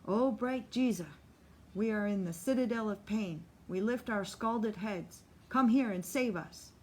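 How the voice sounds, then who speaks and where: A woman's voice: mid-range voice, unhurried, lightly acted. A woman voicing a tormented male tent-revival preacher who pleads and cries out in impassioned calls. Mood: fervent pleading.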